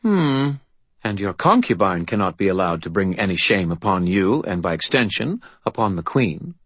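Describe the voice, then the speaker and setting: A man's voice: sits low, sing-song, moderate pace, fairly bright tone, breathy edge, dry recording, exaggerated voice. A man voicing an imperious, ageless fairy godmother in an audiobook, arch and grandly fussy. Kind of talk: audiobook character voice.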